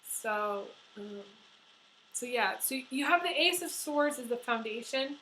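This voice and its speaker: A woman's voice: fairly high pitch, measured pace, a bit bright, a little hiss or hum, rough recording. A woman giving a tarot horoscope reading, talking earnestly and emotionally with many fillers and restarts. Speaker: tarot reader.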